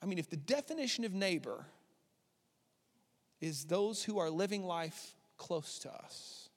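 A man's voice: a little high, fairly bright tone. A man in his thirties preaching a sermon as pastor, candid and conversational, building to emphatic passages. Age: 30s. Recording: long hall reverb.

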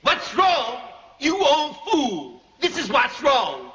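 An actor playing a cruel, insulting slave master of sixty in a film, harsh and commanding. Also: male voice, very high-pitched, wildly swooping pitch, takes it slowly, bright, forceful tone, big-room sound, exaggerated voice. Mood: contemptuous.

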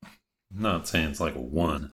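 A man co-hosting a podcast, talking casually in a measured, thoughtful way, weighing his words. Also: very deep voice, a bit bright. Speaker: podcast co-host. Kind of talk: casual chat.

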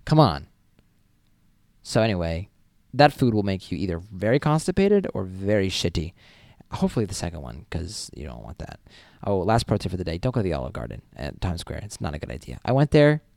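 A man's voice: low-pitched, very animated, a little fast, creaky, darkish tone, no echo, studio quality. A young man hosting a podcast alone, rambling casually with lots of swearing and self-mocking asides. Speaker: podcast host. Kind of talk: casual solo podcast chat.

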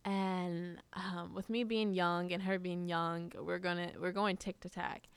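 A woman's voice: fairly low pitch, little pitch movement, a little slow, clean tone, no echo. A woman telling personal stories in a casual, rambling way, full of fillers and restarts. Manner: rambling, many fillers and restarts, laughs often. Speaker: podcast guest.

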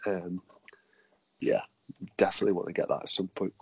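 This man co-hosts a podcast in a casual chat. His voice sits a little low and sounds husky, recorded dry and close. He talks hesitantly, with many fillers and restarts. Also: little pitch movement, brisk, no room sound, low-quality recording. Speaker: podcast co-host.

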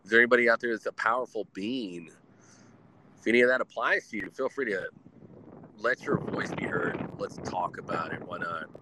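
A man with a fairly low voice hosts a rambling live show, swearing constantly and laughing as he goes. He is recording outdoors in the wind. Gusts of wind noise hit the mic. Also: normal speed, pushed and bright, poor audio. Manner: heavily profane, rambling, laughs often.

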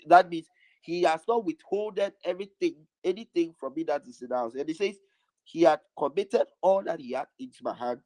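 A man's voice: fairly high pitch, a little mellow, no room sound, low-quality recording. A man preaching a sermon, stressing his points by repeating lines over and over.

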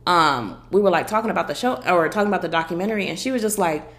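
A woman's voice: lowish voice, lively intonation, rapid-fire. A woman hosting a podcast, chatting casually in a sassy, blunt, profane way and telling stories with lots of energy. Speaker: podcast host. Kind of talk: casual opinion chat.

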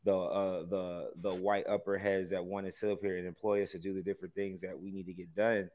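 Lower-voiced man thinking aloud, sarcastic. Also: little pitch movement, brisk, darkish tone. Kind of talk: casual group discussion.

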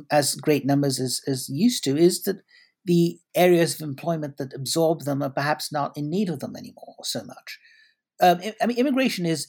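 A man's voice: a little high, vocal fry, a little mellow, husky. A man answering interview questions at length, articulate and elaborate, often restarting his sentences. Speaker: guest commentator.

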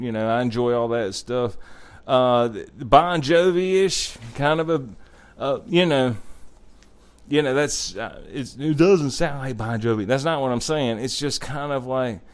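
A man hosts a laid-back podcast, rambling happily through his thoughts with plenty of fillers and the odd swear word. His voice is smooth and resonant, at an ordinary middle pitch. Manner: rambling, enthusiastic, swears casually, many fillers. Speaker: podcast host. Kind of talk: casual podcast chat. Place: North Carolina.

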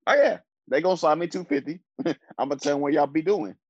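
A man's voice: a little high, brisk, husky, no echo. A man co-hosting a podcast in casual banter, playful and boastful. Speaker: podcast co-host. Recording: dull lo-fi sound.

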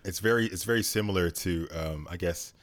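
A man with a deep voice chatting casually as co-host, rambling with many fillers. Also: brisk. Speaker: podcast co-host. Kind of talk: casual chat.

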